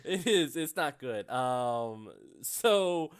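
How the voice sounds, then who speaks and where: A man's voice: mid-range voice, animated, very slow, a crowd in the background. Rambling man running a tabletop game. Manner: loose and rambling, many fillers. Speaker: game master. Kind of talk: explaining rules and narrating a tabletop game.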